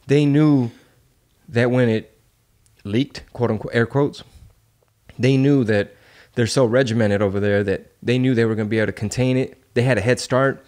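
A man's voice: mid-range voice, steady tone, normal speed, long pauses, a little mellow. A man hosting a podcast in casual chat, ranting with heated rhetorical questions and loose street slang. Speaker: podcast host.

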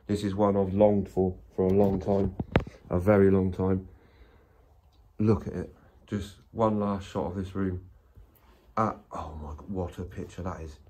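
An English man narrating his urban exploring vlog with excitable, sweary commentary to viewers, filmed on a handheld camera in an abandoned house and its grounds. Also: low-pitched, measured pace, pauses often, slight background noise.

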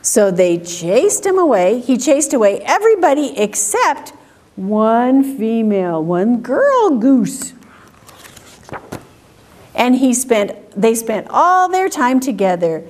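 A woman reading picture books aloud at a children's story time, asking questions and making animal sounds in a slow, sing-song way. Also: a little high, sing-song, a little mellow.

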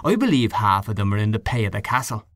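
A man's voice: lowish voice, big pitch swings, fast, a bit bright, no room sound. Man voicing a scornful gossipy canvasser. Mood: conspiratorial. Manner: scornful, snuffling, conspiratorial. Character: grumbling gossipy middle-aged male canvasser.

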